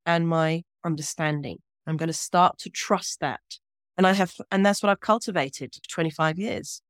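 A woman from Britain, a guest scholar speaking in a measured, earnest way with deliberate pauses in an interview. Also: low-pitched, no room sound, studio quality. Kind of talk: reflective interview talk.

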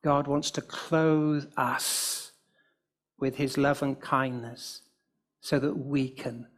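A middle-aged man from the United Kingdom preaching a sermon in a gentle, pastoral way, with a light humorous aside. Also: medium pitch, fairly even intonation, slow.

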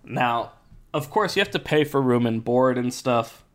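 A man hosting a casual podcast chat, explaining things in a relaxed way with many fillers while his voice is going hoarse. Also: mid-range voice, a little slow. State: losing his voice. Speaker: podcast host.

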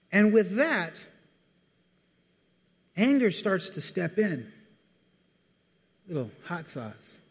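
Speaking in a high, husky voice, a preacher chats with his congregation during a casual sermon, quickly acting out others' lines in asides. The hall around him is reverberant.

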